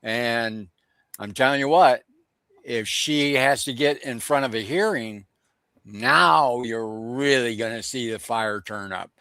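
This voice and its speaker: A man's voice: medium pitch, slow pace, bright, forceful tone, smooth, no room sound. A man giving emphatic stream commentary, repeating his points for force.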